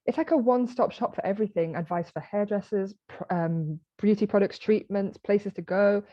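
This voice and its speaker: British woman, 30s, animated storyteller guest, dry lo-fi recording. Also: medium pitch, normal speed, dry recording. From Britain. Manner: animated storytelling, acting out quoted exchanges. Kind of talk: conversational interview.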